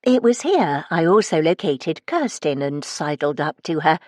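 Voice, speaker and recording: A woman narrating a first-person mystery audiobook in a wry, lively storytelling manner. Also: low-pitched, unhurried, dry recording, studio quality.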